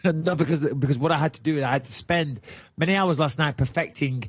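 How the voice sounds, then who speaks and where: A man's voice: fairly high pitch, fairly quick, slightly rough, no room sound, lo-fi sound. A man with an English accent, co-hosting a podcast in casual, joking banter. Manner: joking, teasing, easygoing. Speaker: podcast co-host.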